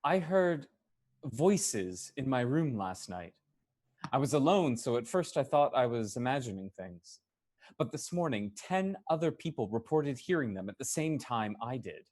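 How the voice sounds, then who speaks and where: A man plays a calm and observant woman ship's doctor in an amateur audio drama reading. Her gentle, conversational voice rises and falls with lively movement. It sits at an everyday pitch. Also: a little slow.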